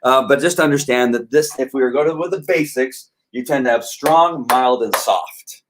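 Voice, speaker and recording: A middle-aged man explains dog behavior in a relaxed teaching style, at a medium pitch for a man. He keeps breaking into quick acted-out voices for dogs and people, and his delivery is loose and animated. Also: background noise. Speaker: dog trainer. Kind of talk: casual whiteboard teaching.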